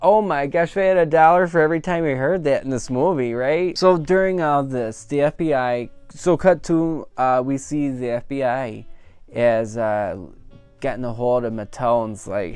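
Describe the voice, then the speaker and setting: A man giving a casual, rambling film review, full of fillers and animated reactions. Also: medium pitch, normal speed, clear, resonant tone, dry recording, soft background music. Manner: chatty and rambling, full of "like" and "you know"; animated, laughing at the funny parts. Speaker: movie reviewer.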